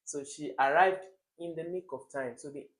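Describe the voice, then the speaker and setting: A man's voice: on the high side, normal speed, fairly bright tone, low-quality recording. Nigerian man tutoring through exam questions. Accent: Nigerian English. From Africa. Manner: explanatory, repeats key words, chuckles at wrong answers.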